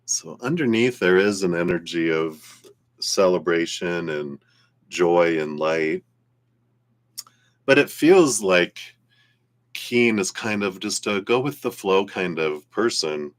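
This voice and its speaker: A man with a very low voice gives a live tarot reading. He talks casually and wanders from thought to thought, laughing easily. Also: expressive, takes it slowly. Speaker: tarot reader.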